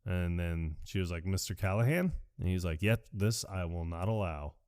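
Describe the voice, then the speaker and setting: Here a podcast co-host breaks down a movie scene by scene, his retelling lively and full of fast character voices. The sound is dry, smooth and close-miked with no surrounding space, and his voice leans a little low.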